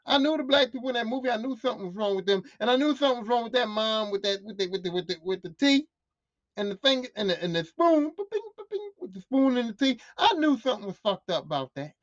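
Woman podcaster for a solo rant: animated, profane, repeats lines for punch, dull dry lo-fi sound. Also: on the high side, fast, no echo. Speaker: podcast host.

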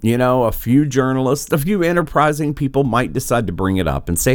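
A man's voice: mid-range voice, expressive, a little fast, hardly any pauses, no room sound, clean studio sound. A man giving casual political commentary, rambling and exasperated, with a sarcastic edge. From United States.

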